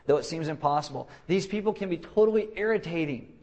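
A young man preaching a casual, joking sermon who restarts his sentences and keeps acting out quick voices to make his point. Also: a little high, darkish tone, lo-fi sound. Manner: joking, self-deprecating, acts out quick voices; halting restarts and repeated words. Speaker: pastor.

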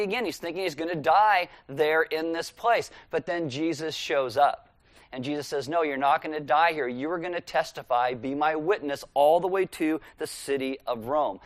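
A male pastor preaching a sermon in a relaxed, conversational way, walking listeners through scripture verse by verse. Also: fairly high pitch, no room sound.

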